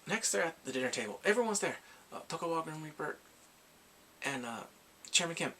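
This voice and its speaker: A man recapping a drama episode in a casual, excited way, acting out the characters' lines and his own reactions. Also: fairly high pitch, quick pace, a little hiss or hum. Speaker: drama reviewer.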